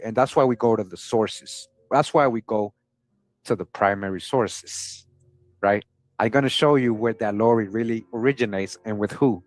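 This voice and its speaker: A man's voice: medium pitch, dry recording. Chatty man hosting a history channel. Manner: conversational, keeps asking "right?", chuckles often. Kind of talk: casual commentary reading historical sources.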